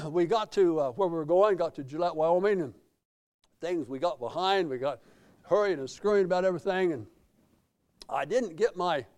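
A middle-aged American man preaching a sermon, telling folksy stories and swelling loud in praise. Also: on the high side. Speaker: pastor.

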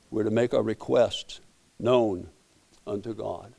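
A man's voice: on the low side, normal speed, gravelly, mellow, husky. A middle-aged man, preaching a sermon as pastor in a folksy storytelling way, often repeating and restarting words.

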